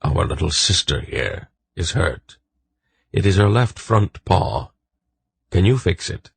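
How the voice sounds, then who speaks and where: A man's voice: deep voice, animated, takes it slowly, creaky, husky, no echo, exaggerated voice. A man voicing an old male wolf pack leader who speaks in a commanding, dry, decisive way in an audiobook.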